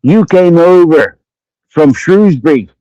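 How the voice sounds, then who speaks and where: A man's voice: fairly high pitch, lively intonation, slow, warm tone, no room sound. Swearing Cumbrian man ranting. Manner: accusatory, swearing constantly, repeats himself. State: drinking during the stream. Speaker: livestreamer. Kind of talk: angry profane rant. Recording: dull lo-fi stream audio.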